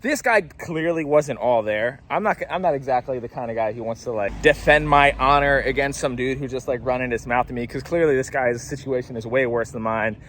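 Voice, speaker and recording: A man's voice: medium pitch, fairly quick, hardly any pauses, a bit bright, slight background noise. A young man telling a casual storytime monologue, rambling and packing in filler words. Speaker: vlogger.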